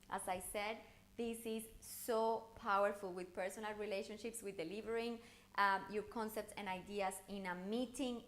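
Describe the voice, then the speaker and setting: A woman coaching viewers through an online challenge lesson, talking in an animated, encouraging way with intonation that rises and falls. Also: medium pitch. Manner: encouraging, speaks straight to the viewer. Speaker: communication coach.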